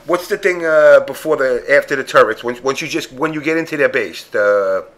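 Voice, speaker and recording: A man's voice: medium pitch, brisk, a bit bright. A man on a podcast panel telling a story in casual chat, blunt and profane, acting out what people said. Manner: profane, blunt, acts out quotes.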